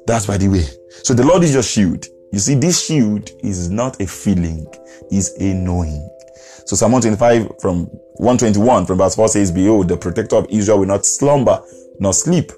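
Mellow-voiced man preaching over soft music. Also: lowish voice, fairly quick. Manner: earnest, repetitive preaching with chuckles. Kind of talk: podcast sermon.

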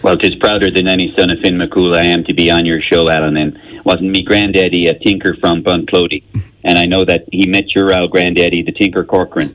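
A florid stage-Irish showman spinning grand tales, as an impressionist puts him on, in a fairly low voice. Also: little pitch movement, brisk, a bit bright, low-quality recording. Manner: florid, old-fashioned storytelling. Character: theatrical stage-Irish dancer, florid and boastful.

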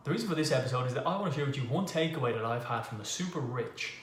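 A man's voice: mid-range voice, lively intonation, rapid-fire. A man hosting a podcast, talking through a casual motivational monologue with emphatic rhetorical questions. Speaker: podcast host. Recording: echoey room with faint ambient noise.

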